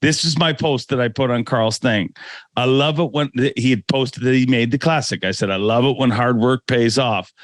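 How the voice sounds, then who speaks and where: Male podcast host, animated and laughing, mid pitch, dry close sound. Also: moderate pace, no room sound. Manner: animated, laughing, swears casually. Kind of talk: casual chat.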